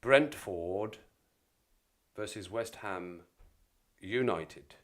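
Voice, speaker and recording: A man putting on a formal sports announcer voice to read out football fixtures slowly. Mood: formal announcing. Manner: slow, deep, measured announcing.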